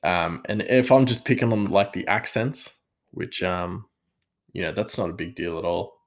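A man's voice: low-pitched, moderate pace. A young man chatting casually about video games, rambling and digressing with a self-deprecating streak. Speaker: gaming vlogger. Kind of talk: casual chat.

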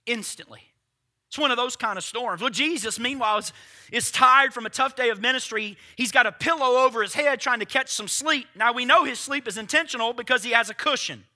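A man's voice: extremely high pitch, pushed and bright. A man preaching a sermon emphatically, firing rhetorical questions at his congregation. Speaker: pastor.

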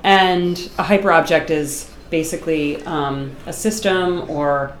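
A middle-aged woman from Boston, a guest artist chatting casually in an interview, animated and talkative, laughing often. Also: low-pitched, measured pace, roomy sound, slight background noise. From Boston, USA.

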